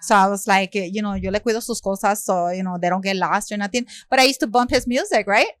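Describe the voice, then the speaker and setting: A rapper from South Central Los Angeles, speaking in a middle pitch, tells a lively story as a guest in a relaxed interview. She speaks quickly, acts out every quoted line and scatters "you know" and "like" throughout. The audio is close and dry, with no echo or room sound.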